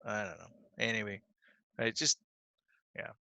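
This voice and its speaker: A man's voice: fairly low pitch, unhurried, gravelly, sharp tone, no room sound. A man co-hosting a podcast, chatting casually and laughing easily. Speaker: podcast co-host. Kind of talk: casual chat.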